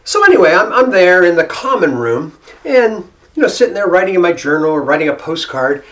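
A man's voice: high-pitched, very animated, a little fast, a bit bright. A middle-aged man from Ohio with an American accent, telling a personal travel story in a casual, rambling way with many restarts and asides. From Ohio, United States.

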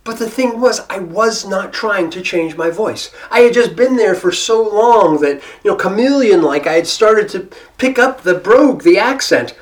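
A man's voice: sits high, animated, moderate pace. A middle-aged man from Ohio with an American accent, telling a personal travel story in a casual, rambling way with many restarts and asides. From Ohio, United States.

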